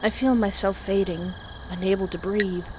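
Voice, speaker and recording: With a mid-range voice at normal speed, the game streamer voices a horror visual novel and riffs on it, often laughing and reacting dramatically. Background hiss stays constant.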